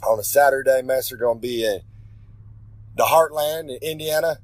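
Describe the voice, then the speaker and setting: A man's voice: medium pitch, normal speed, dry recording, poor audio. A man delivering a rambling, swaggering wrestling promo, talking about himself in the third person. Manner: rambling, with self-corrections. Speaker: pro wrestler giving a regular segment.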